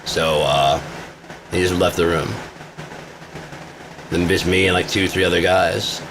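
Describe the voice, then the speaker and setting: Very deep-voiced man, profane boastful vlogger, noisy backdrop. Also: fairly even intonation, unhurried. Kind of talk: casual rambling monologue.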